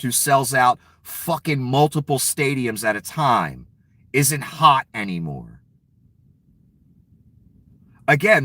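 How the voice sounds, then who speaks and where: A man's voice: mid-range voice, fairly bright tone, no room sound. A man giving an angry, profane political rant with a sarcastic, heated delivery. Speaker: political commentator.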